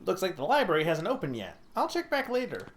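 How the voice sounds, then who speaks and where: A man's voice: high-pitched, huge pitch swings, fast talker, slight background noise. A man playing a visual novel on stream, chatting and reading character lines aloud with a giggly, playful manner. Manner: chatty, giggly, tries silly voices.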